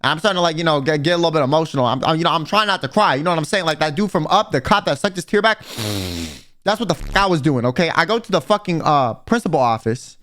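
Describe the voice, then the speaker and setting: A young man telling a personal storytime in casual, profane slang, animated and blunt. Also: a little high, fast talker. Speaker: vtuber and livestreamer. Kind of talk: storytime rant.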